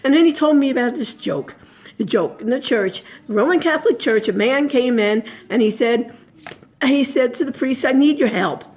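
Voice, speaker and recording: A woman's voice: on the high side, normal speed, a little mellow. A woman telling a personal story as spoken oratory, chatty and rambling, correcting herself as she goes.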